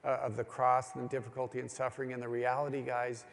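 Fast-talking with vocal fry, this middle-aged preacher keeps a level tone in a mid-range voice. He addresses a men's gathering with earnest stories whose emphasis rises into pleading, and the hall adds long reverb.

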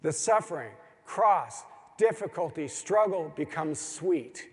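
There's a long reverb from the hall as a middle-aged man preaches to a group of men at a moderate pace, his voice a little high. He relates stories with earnest, pleading emphasis that keeps rising.

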